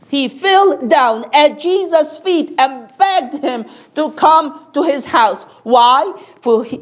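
Woman preacher with a fairly high voice; sermon with call-and-response and rhetorical questions.

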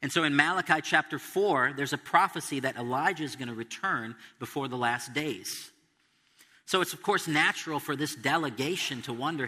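A man's voice: a little high, moderate pace, bright, forceful tone, slightly rough, in a large hall. A man preaching an expository sermon, stressing quotes and asking the listeners questions. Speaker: pastor.

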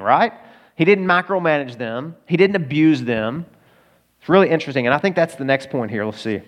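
A male pastor preaching a conversational sermon, earnest and full of rhetorical questions. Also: on the high side.

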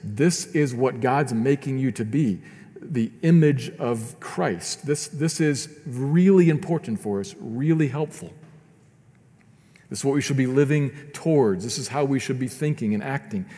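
A man's voice: mid-range voice, unhurried, dark tone, big-room sound. A man preaching a sermon as pastor, earnest and often repeating words as he builds his points.

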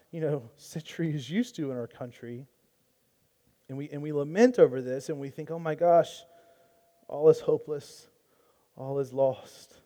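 Male pastor, mellow tone, earnest conversational sermon delivery. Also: a little high. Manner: earnest, conversational preaching with restarts.

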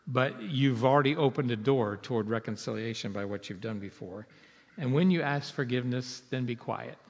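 Earnest preacher in a reverberant hall. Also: male voice, medium pitch. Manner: earnest and conversational, swinging between emphatic and hushed. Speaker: pastor. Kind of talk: sermon.

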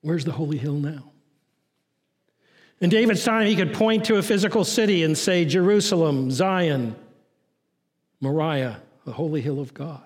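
A man delivers a sermon in a notably high voice, his intensity rising on urgent lines and sinking low and quiet on others. The sound carries a long reverb, as if recorded in a large hall. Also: normal speed, pauses often. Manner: preaching with rising and falling intensity, dropping low and soft on key lines. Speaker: pastor.

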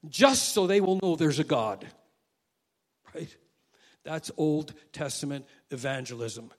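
A male pastor preaching a sermon, swinging from quiet asides to loud, emphatic quoted prayers. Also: mid-range voice, unhurried.

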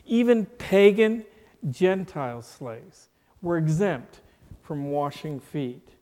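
Male preacher, sermon, unhurried and deliberate, with rhetorical questions; slightly high voice, long hall reverb. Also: very animated, warm tone.

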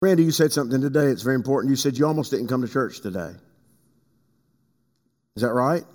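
A man preaching a sermon as pastor. He swings from loud, high passages to quiet low asides and calls on people in the congregation by name. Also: quick pace. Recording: long hall reverb.

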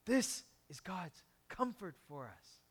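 A man preaching a sermon in a conversational way, with quick asides, moving between quiet, low passages and emphatic ones. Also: sing-song, husky. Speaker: pastor.

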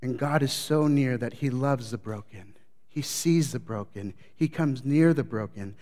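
A man preaching a sermon as pastor, swinging between loud, lively retellings and low, quiet reflection. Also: measured pace. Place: church sanctuary. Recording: long church reverb.

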